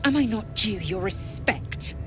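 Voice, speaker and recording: A woman voicing a proud, fierce githyanki warrior who speaks slowly and indignantly, over game music. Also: mid-range voice, expressive, natural voice.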